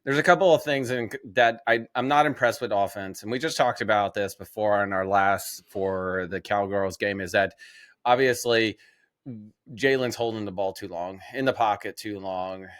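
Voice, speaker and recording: A man's voice: on the low side, normal speed, a bit bright, no echo, studio quality. Jokey man steering a sports podcast. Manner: jokey, leads topics, stumbles into sentences. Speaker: podcast co-host. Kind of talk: casual sports talk.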